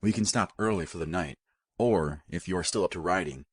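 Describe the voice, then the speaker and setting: A man voicing a gruff, practical biker in an audiobook, matter-of-fact in delivery. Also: sits low, a little fast, no echo, clean studio sound.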